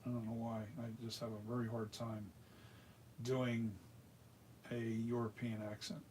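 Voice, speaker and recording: A man's voice: mid-range voice, level tone, unhurried, a little mellow, slight background noise. Chatty American man giving a workshop tutorial. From United States. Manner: chatty and rambling, with frequent restarts. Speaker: mask maker demonstrating. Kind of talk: hands-on tutorial, casual chat.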